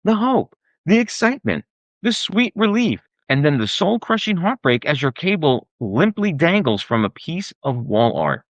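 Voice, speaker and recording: Wildly animated ranting man. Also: fairly high pitch, moderate pace, no room sound, highs cut off. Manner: exasperated, sarcastic and profane ranting. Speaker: podcast host. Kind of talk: comedic rant.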